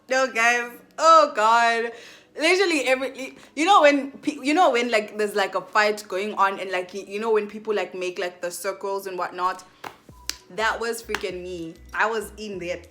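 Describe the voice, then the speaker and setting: A young woman vlogger telling a casual storytime, chatty and animated, full of fillers and acted-out asides. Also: medium pitch, normal speed, a little hiss or hum.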